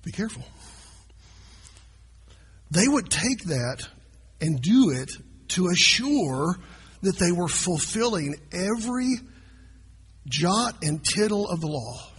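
Raspy older pastor preaching. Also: male voice, sits high, big pitch swings, slow pace, pauses often, fairly bright tone. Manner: conversational, asks the congregation questions. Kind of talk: sermon. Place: church sanctuary. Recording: long hall reverb.

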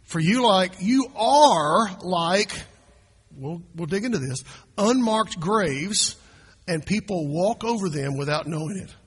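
Raspy older pastor preaching. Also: male voice, sits high, lively intonation, slow, fairly bright tone. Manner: conversational, asks the congregation questions. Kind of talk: sermon. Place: church sanctuary. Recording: long hall reverb.

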